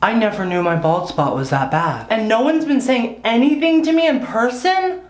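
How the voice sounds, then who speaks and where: A young man riffing in a rambling comic monologue to camera, self-deprecating with deadpan asides and swearing. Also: extremely high pitch, moderate pace. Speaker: comedy vlogger.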